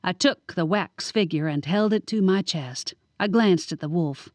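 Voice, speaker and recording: A woman narrating a first-person audiobook with wry, lively storytelling. Her voice sits a bit low. The booth recording is close and dry, with no room sound. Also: measured pace, no echo. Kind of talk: scripted narration.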